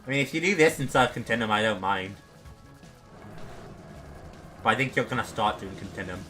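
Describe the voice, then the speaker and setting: Bright-voiced young man commenting on gameplay. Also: on the low side, animated, brisk, faint music behind. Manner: chatty, self-deprecating, talks to himself while playing. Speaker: gaming streamer.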